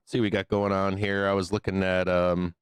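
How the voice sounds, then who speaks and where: Male host, deep and smooth but going hoarse from illness, loose rambling delivery with fillers. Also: flat delivery, brisk, no echo. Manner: rambling, many fillers and restarts, hums to himself. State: losing his voice, still sick. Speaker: live stock market show host. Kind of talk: casual live-stream chat.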